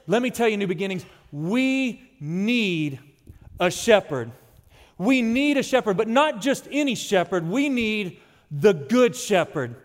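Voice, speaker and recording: A man preaching a sermon as pastor, emphatic and slowing down on key phrases. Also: sits high, very animated. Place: church sanctuary. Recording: long hall reverb.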